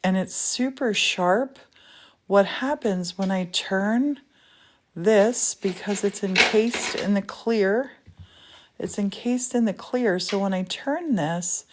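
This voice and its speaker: A woman's voice: mid-range voice, darkish tone, a little hiss or hum. A woman hosting a casual live demo from a glass studio, gushing with affection and chatting to her viewers. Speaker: livestream host. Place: indoor glass fusing studio.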